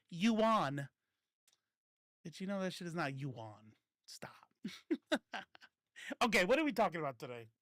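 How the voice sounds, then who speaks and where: A man's voice: on the high side, a bit bright, no echo, studio quality. A man hosting a casual political commentary livestream, rambling and self-correcting, laughing often and swearing freely.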